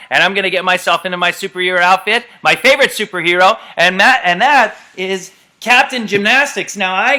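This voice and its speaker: A man's voice: high-pitched, bright, forceful tone. A man coaching an upbeat virtual home workout class, calling out commands and making sound effects, recorded in an empty gym. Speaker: gymnastics coach.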